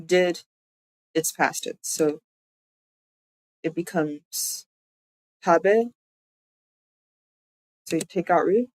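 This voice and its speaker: Here a VTuber runs a live-streamed language lesson, going through things step by step and saying words again slowly. The mid-range voice comes through a dry recording with poor audio.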